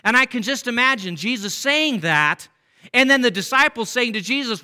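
A man preaching a sermon in a conversational way, reading verses aloud and turning to the congregation with rhetorical questions. His voice sits fairly high for a man and has a bright, forward tone. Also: expressive, normal speed, clear, resonant tone. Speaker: pastor.

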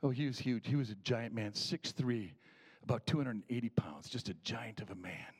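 A man telling a personal story from his boyhood in a folksy, unhurried way, with small restarts. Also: medium pitch, husky.

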